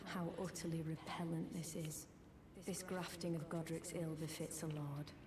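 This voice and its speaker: A woman's voice: deep voice, little pitch movement, normal speed, crowd noise, natural voice. A woman voicing a proud, noble young female warrior in a video game, speaking in a formal, stately way. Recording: game audio under background noise.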